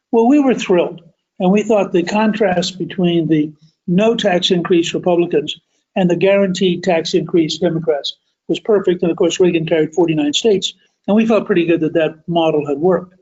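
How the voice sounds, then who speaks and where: A man's voice: high voice, moderate pace, darkish tone, muffled recording. An older man hosting a podcast, recounting political history in a storytelling way. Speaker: podcast host. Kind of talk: storytelling commentary.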